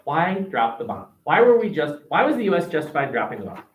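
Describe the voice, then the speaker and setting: Fast and a little high-pitched, with big pitch swings, an American man teaches a history class. The classroom discussion, captured by webcam, is casual and digressive, and he restarts often.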